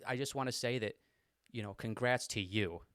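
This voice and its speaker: A young man co-hosting a podcast, telling stories in a rambling, animated way. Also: mid-range voice, fairly quick, dry recording, clean studio sound. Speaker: podcast co-host. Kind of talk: casual storytelling chat.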